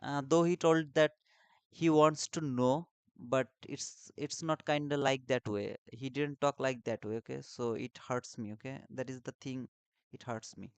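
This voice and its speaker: A man in a casual group voice chat about trading, talking in a halting, earnest way with frequent restarts and repeated words. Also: medium pitch, fairly even intonation, clean tone, no echo. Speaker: trader in a live trading call.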